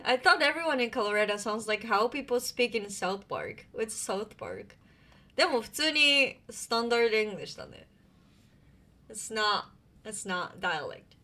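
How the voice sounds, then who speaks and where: Woman, Japanese accent, live-stream chat, mixes two languages, bright sharp tone. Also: fairly high pitch. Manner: chatty, mixing Japanese and English.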